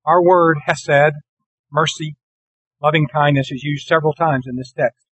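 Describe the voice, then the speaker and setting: A man preaching a morning lesson, reading scripture verses slowly and earnestly. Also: on the high side, steady tone, fairly bright tone, breathy edge, no echo, rough recording. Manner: earnest, deliberate, slows for scripture.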